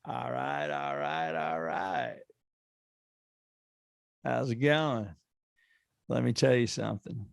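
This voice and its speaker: A man doing an impression of a laid-back actor with a slow, low drawl. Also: gravelly, dry recording, clean studio sound, heavily acted.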